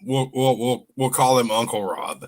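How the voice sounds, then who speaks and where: A man's voice: medium pitch, animated, moderate pace, a little hiss or hum. A man co-hosting a casual live stream, easygoing and folksy, telling a story in a chatty way. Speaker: co-host.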